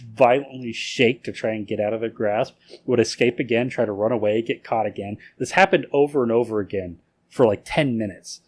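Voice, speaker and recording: A man co-hosting a casual podcast, telling a history story in a rambling way with lots of filler words and swearing. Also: medium pitch. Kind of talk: casual drinking-game podcast chat.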